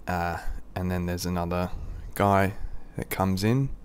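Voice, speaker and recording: A young man with an Australian accent and a deep, low voice, casually telling a rambling, crude story. He mocks himself and laughs at his own story as he goes. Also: steady tone, unhurried, clear, resonant tone. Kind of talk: casual anecdote.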